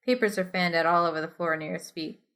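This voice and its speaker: A woman's voice: on the low side, fast talker, fairly bright tone. Giggly woman reading a story aloud. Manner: giggly, playful, breaks into laughter mid-sentence. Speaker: podcast co-host reading a choose-your-own-adventure story. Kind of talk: casual read-aloud narration.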